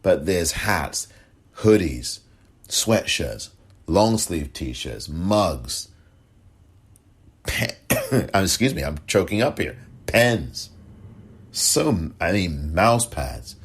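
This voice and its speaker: Deep, slow, husky male podcast host. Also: sing-song. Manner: chatty, effusive, repeats thanks. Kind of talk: solo political podcast monologue.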